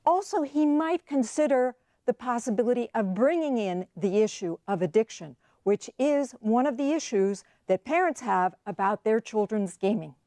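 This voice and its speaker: A woman evaluating a speech, offering measured, constructive feedback over a video call. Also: a little high, animated, mellow, no echo, studio quality. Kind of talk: spoken feedback.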